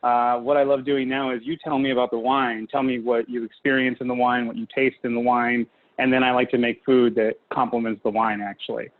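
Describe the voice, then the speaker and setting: A man's voice: medium pitch, level tone, brisk. A man from California, a guest chef talking casually and enthusiastically, with many fillers, over a video call. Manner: chatty, filler-heavy, enthusiastic. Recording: tinny video-call audio, faint hiss.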